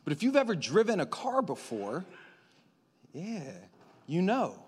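A young man in his twenties preaching a sermon as pastor in a church, animated, swinging between loud excited bursts and quiet intimate passages. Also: sits high, unhurried, slightly rough. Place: church sanctuary. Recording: long hall reverb.

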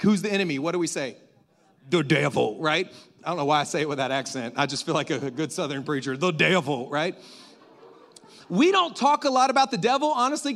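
A man's voice: very high voice, a bit bright. A man preaching a sermon in a conversational way, joking with the congregation and asking it questions.

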